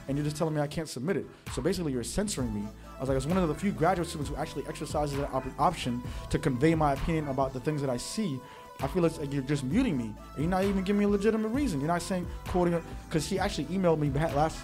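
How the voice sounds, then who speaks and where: A young man from the Bronx telling a story in an animated monologue, acting out what other people said to him. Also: mid-range voice. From the Bronx, New York. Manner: animated, quotes others in changing voices. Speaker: monologue host.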